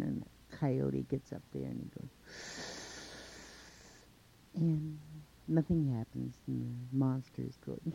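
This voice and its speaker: Slow, gravelly male storyteller. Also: medium pitch, expressive. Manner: unhurried, chained with 'and', frequent fillers. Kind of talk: oral folk tale telling. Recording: dull lo-fi recording.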